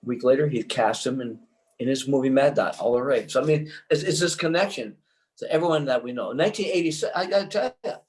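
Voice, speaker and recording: An older man, a filmmaker guest in an interview, telling a long anecdote in an excitable, rambling way full of restarts. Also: medium pitch, fast talker, rough recording.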